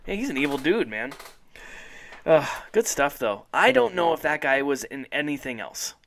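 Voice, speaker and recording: A man's voice: a little high, sing-song, normal speed, gravelly, fairly bright tone, slight background noise. A man hosting a casual podcast chat, rambling enthusiastically and laughing often. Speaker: podcast host.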